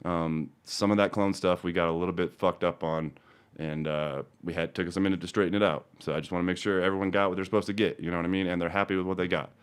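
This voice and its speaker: Profane ranting man, low voice. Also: quick pace, smooth. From Denver, Colorado. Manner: profane, angry ranting that turns calm and chatty. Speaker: host of a cannabis seed business show. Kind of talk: casual ranting livestream talk.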